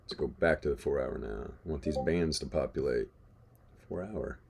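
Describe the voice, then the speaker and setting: A man's voice: a bass voice, normal speed, vocal fry, darkish tone, slightly rough. A man hosting a live trading stream, chatting casually about charts, swearing and laughing as he tells stories. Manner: laid-back, swears, laughs while telling stories.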